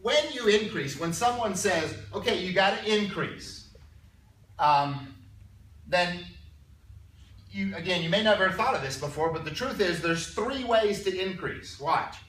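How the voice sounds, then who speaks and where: A man teaching a calculus class, chatty and stumbling over repeated words, clearing his throat now and then. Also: sits high, animated, measured pace, fairly bright tone. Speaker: math teacher. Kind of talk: classroom lecture. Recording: echoey room, mic far off.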